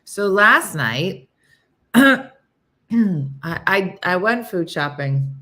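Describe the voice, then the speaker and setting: A woman's voice: fairly low pitch, lively intonation, very slow, pushed and bright. A woman hosting a live stream, chatting casually and rambling between stories while reading out viewer comments. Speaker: live show host.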